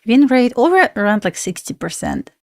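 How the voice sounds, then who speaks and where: Clean studio sound with no echo captures a Belarusian woman hosting a trading livestream. Her voice is fairly high and a little mellow, very animated at normal speed, and she chats, laughs often, and reads out viewer questions before answering them.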